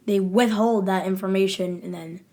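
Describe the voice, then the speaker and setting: Relaxed woman podcast co-host. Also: medium pitch, normal speed. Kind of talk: casual chat.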